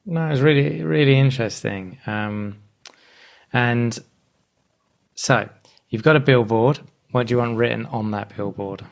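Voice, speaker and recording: A man hosting a podcast in a relaxed, conversational way. His pitch sits in a middle range, and he often pauses with fillers while he works out his next question. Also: gravelly. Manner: relaxed, hesitant, many fillers. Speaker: podcast host.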